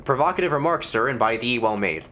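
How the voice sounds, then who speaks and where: A man's voice: mid-range voice, expressive, quick pace, a bit bright, slight background noise, lightly acted. A man voicing an insistent woman landlady in a video game, speaking in a formal, old-fashioned way with thee and thou.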